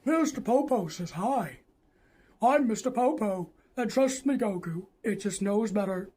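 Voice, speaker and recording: A woman voicing a calm, odd male genie attendant in a lowered, hushed voice. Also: a little slow, husky.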